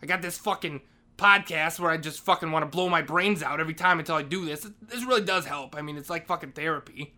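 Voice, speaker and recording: A man's voice: a little high, quick pace, bright, forceful tone. A man playing a school janitor, ranting in a crude, profane comic monologue. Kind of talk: comedic monologue.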